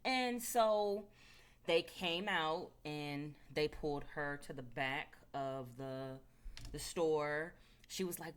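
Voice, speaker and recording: Low-voiced chatty woman storyteller. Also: a little slow. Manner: loose, filler-heavy, chatty. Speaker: spiritual speaker. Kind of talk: casual storytelling talk.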